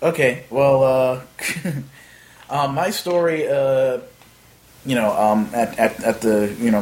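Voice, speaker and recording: A man casually telling a long anecdote in a chat, rambling with many fillers and acting out the other people in it. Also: medium pitch.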